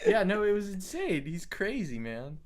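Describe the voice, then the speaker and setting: A man's voice: sits high, sing-song, normal speed. A man casually telling a funny family story to a friend, laughing often as he goes. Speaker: podcast co-host.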